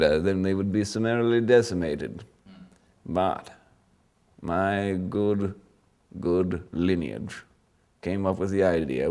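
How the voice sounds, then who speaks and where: An actor playing a pompous, rambling old British army sergeant in a mock interview, with a British accent. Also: male voice, deep voice, a little mellow, full character voice.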